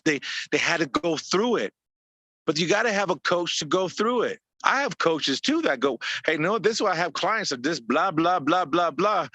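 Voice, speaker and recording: A man's voice: a little high, pushed and bright, dry recording. A man coaching business owners in a motivational talk over a video call, emphatic and repetitive, stacking short punchy phrases.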